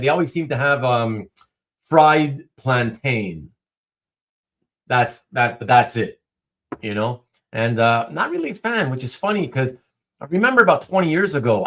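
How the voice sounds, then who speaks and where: A man's voice: a little high, fairly bright tone. A middle-aged man hosting a livestream, chatting casually and rambling through replies to live comments with many fillers and restarts. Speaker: livestream host.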